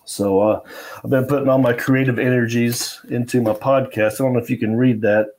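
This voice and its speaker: A man's voice: mid-range voice, steady tone, fairly quick, a little mellow. Rambling middle-aged male comedian guest. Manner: rambling anecdotal with fillers and restarts. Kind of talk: casual interview storytelling.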